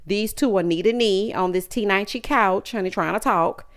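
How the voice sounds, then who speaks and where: A woman's voice: mid-range voice, normal speed. A woman with a Southern US accent, recapping a reality show in a sassy, chatty way with asides to her viewers. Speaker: recap vlogger.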